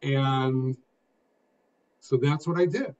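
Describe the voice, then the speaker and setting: An older man, a guest telling his story in an expressive, emphatic way, phrase by phrase. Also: mid-range voice, slow pace. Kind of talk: conversational storytelling. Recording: dull lo-fi sound.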